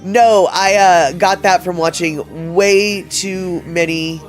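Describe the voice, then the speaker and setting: A man's voice: sits high, steady tone, slow pace, faint music behind. A man hosting a livestream, chatting casually and reading out viewer comments in a rambling way, with many fillers and restarts. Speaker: livestream host.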